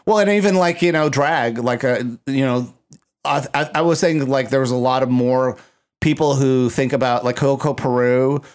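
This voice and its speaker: A man's voice: medium pitch, normal speed, clean tone. A man co-hosting a podcast, talking in a loose, rambling way full of fillers and restarts. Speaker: podcast co-host. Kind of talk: casual chat.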